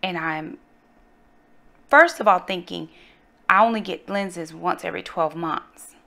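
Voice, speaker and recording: A middle-aged woman from North Carolina, telling a personal story in a casual, animated way and calling her viewers y'all. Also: fairly low pitch, unhurried, creaky. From North Carolina, USA. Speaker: vlogger, mother.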